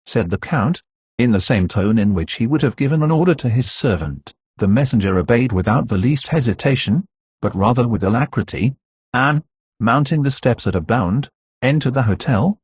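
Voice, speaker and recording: A man narrating a classic novel in a steady, even audiobook reading. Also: mid-range voice, moderate pace, breathy edge, dry recording. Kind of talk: scripted narration.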